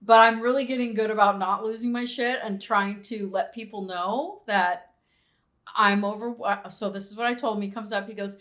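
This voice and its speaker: A middle-aged woman co-hosting a casual podcast, telling a travel story with lively, acted-out quotes. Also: mid-range voice, moderate pace. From San Diego area. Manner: animated storytelling, acts out quoted people. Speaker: podcast co-host. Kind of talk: casual chat.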